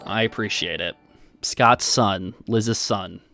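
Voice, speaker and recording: A man with a lowish voice speaks slowly and sharply in a dry recording. Hosting a livestream, he argues with his chat, reading comments aloud in casual, profane, defensive talk and swearing often.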